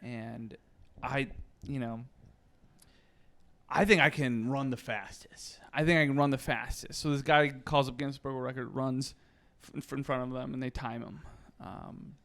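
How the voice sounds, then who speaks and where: A man's voice: mid-range voice, fairly even intonation, moderate pace, creaky, a bit bright. A young man co-hosting a podcast, telling an old bar joke in a laid-back, casual way and chuckling often. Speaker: podcast co-host.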